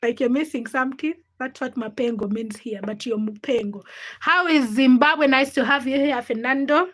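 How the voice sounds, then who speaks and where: Young female livestreamer, high bright voice, chatty storyteller who laughs a lot and reads out viewer names. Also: normal speed. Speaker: livestream host. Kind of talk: casual livestream chat, greeting viewers and telling stories.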